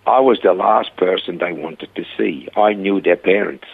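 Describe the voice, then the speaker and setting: An older man with a low, gravelly and husky voice tells his stories over a tinny phone line. He brings the people in his stories to life with animated, voiced quotes. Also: moderate pace. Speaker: guest, rehab centre founder. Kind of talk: storytelling interview.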